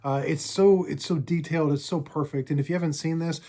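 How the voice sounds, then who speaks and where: A middle-aged man telling stories on his card collecting channel, chatty and halting, with many fillers and restarts. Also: a little high, steady tone, dark tone. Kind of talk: casual storytelling vlog.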